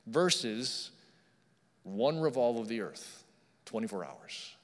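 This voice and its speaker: A man's voice: medium pitch, lively intonation, slow, pauses often. A man preaching a sermon, teaching in a conversational and emphatic way and checking in with his listeners. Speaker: pastor. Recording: long hall reverb.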